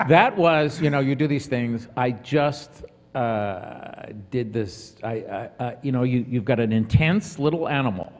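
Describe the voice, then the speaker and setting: A man's voice: medium pitch, animated, a little slow. Older man telling stories in a hall. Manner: chatty storyteller with stammered restarts and laughs. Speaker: panel guest. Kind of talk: convention panel Q&A. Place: convention hall. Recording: reverberant convention hall.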